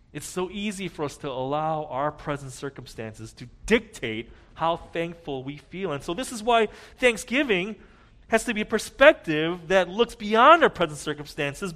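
Earnest pastor preaching, swinging loud to hushed. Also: male voice, sits high. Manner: earnest preaching with wide swings in loudness, dropping to a hush at key points. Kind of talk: sermon.

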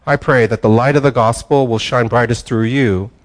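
An older man, a pastor giving a sermon in a relaxed, conversational storytelling way with frequent restarts. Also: mid-range voice, moderate pace.

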